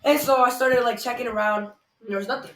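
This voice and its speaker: A man's voice: extremely high pitch, fairly even intonation, fairly quick, fairly bright tone. A man hosting a casual podcast, telling a story in a rambling way with lots of "like" and restarts. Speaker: podcast host. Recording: echoey room, far from the mic.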